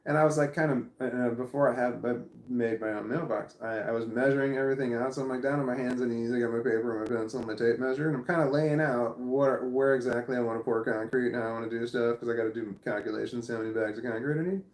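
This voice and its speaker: A man in the middle of a casual vlog story, rambling through it and swearing freely. His voice sits at an ordinary pitch and bounces around an echoey room. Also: fairly even intonation, quick pace, hardly any pauses, darkish tone. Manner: rambling, repeats himself, swears often. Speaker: vlogger.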